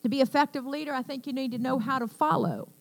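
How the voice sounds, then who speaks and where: An older woman pastor delivers a sermon with a high-pitched voice. She talks to the congregation with call-and-response asides and asks them for amens. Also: fast talker, gravelly, rough recording.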